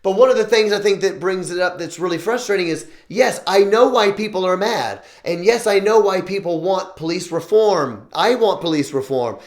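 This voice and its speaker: Male show host, earnest and opinionated, voice on the higher side. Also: normal speed, hardly any pauses. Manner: earnest, opinionated, often restarting sentences. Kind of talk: opinion vlog monologue. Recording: roomy echo.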